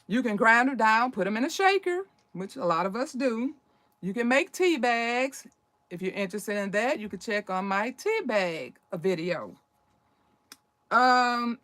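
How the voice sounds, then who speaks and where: A woman's voice: fairly bright tone, no room sound. A middle-aged woman chatting casually in a how-to vlog about herbal remedies, peppering her talk with "you know" and "okay?" and acting out the voices in her stories. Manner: acts out quoted voices with big pitch swings.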